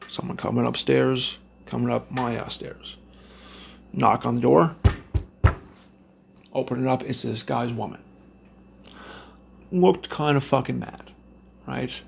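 A man's voice: mid-range voice, steady tone, a little slow, creaky, long pauses, a little hiss or hum. A man telling a rambling, profane story to his listeners in a loose, blunt way.

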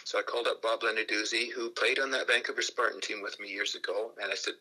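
An older man from Canada tells stories on a radio interview, acting out other people's voices as he goes. His voice is forceful and bright with a husky edge. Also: fairly low pitch, fast, few pauses, poor audio. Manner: lively storyteller who acts out voices. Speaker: guest, fan group founder.

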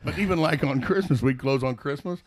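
A man's voice: on the high side, fairly quick. A middle-aged man telling stories in a casual chat as a guest, rambling with many restarts and laughs. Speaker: guest, business owner.

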